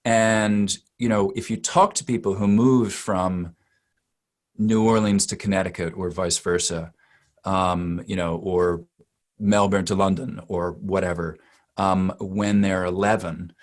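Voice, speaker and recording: A man's voice: low voice, a little slow. A man, a dialect coach answering interview questions in a thoughtful, searching way. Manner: thoughtful, with many fillers and restarts.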